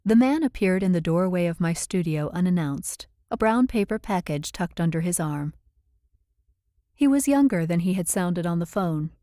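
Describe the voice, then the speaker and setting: Woman, audiobook narrator, measured first-person storytelling, low voice, dry booth sound. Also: warm tone, dry recording.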